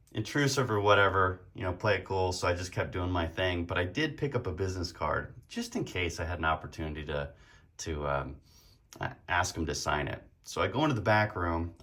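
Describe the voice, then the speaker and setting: A man with a deep, low voice tells a story in a relaxed, rambling way, full of fillers and easy laughs. He talks casually to his viewers as a hobby vlogger. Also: fairly quick. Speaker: card collecting vlogger.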